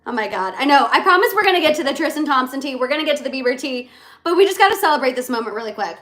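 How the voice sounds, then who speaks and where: Young female livestream host, high-pitched and chatty, repeats herself a lot while dishing celebrity gossip. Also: rapid-fire. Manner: chatty, animated, repeats phrases.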